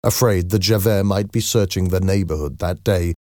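Low dark-voiced guy reading a story out, steady and measured, dry close sound. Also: no room sound. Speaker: narrator. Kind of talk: scripted storytelling narration.

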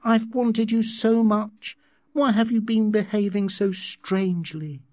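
In a read-aloud story, a man voices a headstrong, impatient young woman in love, drawing out his lines in a pleading way. His mid-range, darkish voice is steady and pitched above his own yet close to an everyday voice, recorded in clean studio sound with no echo.

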